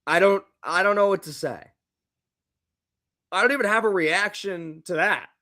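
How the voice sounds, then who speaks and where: A man's voice: sits high, normal speed, sharp tone. A young man hosting a live football reaction stream, exasperated and repeating himself, now and then swearing. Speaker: live game reaction host.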